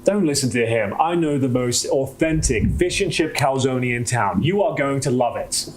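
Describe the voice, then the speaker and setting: A man's voice: mid-range voice, animated, normal speed, slight background noise. A man speaking in a pompous, grandiose manner in a comedy sketch.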